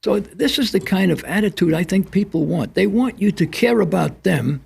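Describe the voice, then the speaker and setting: A man's voice: high-pitched, lively intonation, normal speed, vocal fry, a little mellow, breathy edge. An older man, a retired police instructor, talking thoughtfully on a studio panel and drawing lessons from stories. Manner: reflective, drawing lessons from anecdotes. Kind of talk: panel discussion on community TV.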